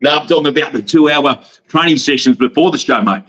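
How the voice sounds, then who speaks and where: A man's voice: fairly high pitch, fast talker, fairly bright tone. A brash, fired-up Australian man, a wrestling promoter guesting on a podcast, swearing freely and laughing often. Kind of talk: casual podcast interview. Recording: dull lo-fi sound.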